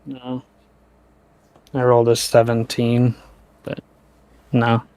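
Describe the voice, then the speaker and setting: A man playing a tabletop game, talking in a slow, laid-back way about his dice rolls. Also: medium pitch, completely flat delivery, darkish tone, rough recording. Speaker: player.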